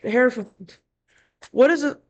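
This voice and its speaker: A woman's voice: sits high, measured pace, lo-fi sound. A woman giving a casual tarot reading, talking bluntly and chattily, scolding and cursing freely. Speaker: tarot reader.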